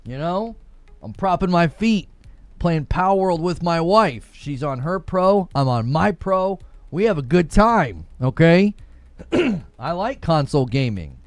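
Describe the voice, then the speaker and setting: Sarcastic, animated male streamer. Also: a little high, a little slow, dry recording, faint music behind. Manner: sarcastic, mocking, laughs often. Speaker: gaming livestream host. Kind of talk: casual live stream chat reading viewer comments.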